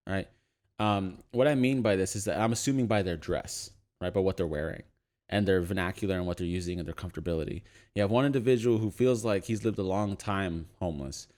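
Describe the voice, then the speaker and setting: A young adult man casually telling an animated anecdote on a podcast, laughing often and using lots of fillers. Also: fairly low pitch.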